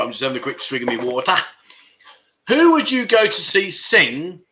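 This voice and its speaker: A man's voice: fairly high pitch, pushed and bright. A middle-aged man, hosting a casual livestream, chatting with viewers and calling them mate. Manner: chummy banter, calls viewers "mate" and "my friend". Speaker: livestream host. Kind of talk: casual livestream chat, reading viewer comments. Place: home.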